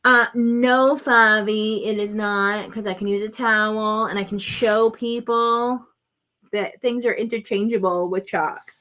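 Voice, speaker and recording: A woman's voice: medium pitch, steady tone, a little slow, a bit bright. A woman vlogging at home as she does a craft project, chatting to viewers and exclaiming over colors as she works. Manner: chatty, self-narrating while working, exclaims over colors. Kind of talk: casual crafting chat to viewers.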